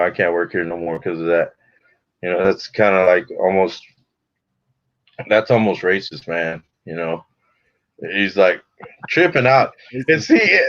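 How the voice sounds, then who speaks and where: A man's voice: on the low side, fairly bright tone. A man telling a laid-back, slangy story in casual chat. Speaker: guest. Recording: dull lo-fi call audio.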